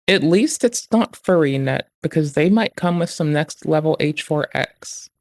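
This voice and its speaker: A man's voice: a little high, animated, a little slow, a little mellow, no echo. A man on a live stream reading through malware code, ranting with sarcastic, profane commentary.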